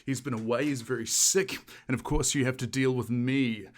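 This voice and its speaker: A man's voice: medium pitch, fairly even intonation, normal speed, slight background noise, lightly acted. A man putting on a smug, pompous middle-aged male radio host for a mock current-affairs intro. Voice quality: pompous, self-important. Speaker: stand-in host.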